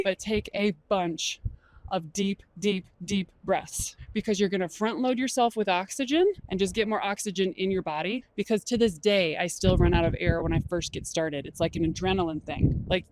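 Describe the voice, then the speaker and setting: A woman giving casual workplace advice to camera, chatty and animated, full of "like" fillers. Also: dry recording. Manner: chatty, animated, acts out quotes with big pitch jumps; frequent "like" fillers. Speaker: HR and workplace engagement host.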